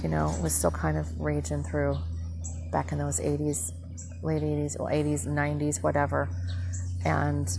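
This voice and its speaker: A woman's voice: low voice, gravelly, background noise. A middle-aged woman and former nurse, from the northern US, telling a story in a rambling, indignant monologue that keeps correcting itself. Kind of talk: casual monologue.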